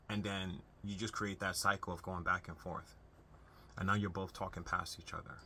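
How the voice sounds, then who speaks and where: Slight background noise sits behind a young man's low, pushed, bright voice as he talks at normal speed. Hosting a self-help video, he earnestly gives unscripted, conversational advice on family relationships, restarting often.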